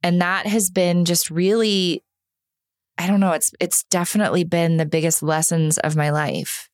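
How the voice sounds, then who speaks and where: A woman in her thirties, a podcast guest telling personal stories in an earnest, animated way, often restarting her sentences. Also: fairly low pitch, moderate pace, no echo, clean studio sound. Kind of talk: candid conversational storytelling.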